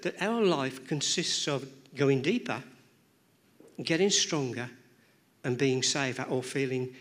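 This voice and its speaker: Slightly high-voiced male preacher, repeating for emphasis. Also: fairly bright tone. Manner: repeats words and phrases, rhythmic, emphatic. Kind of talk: sermon. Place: church.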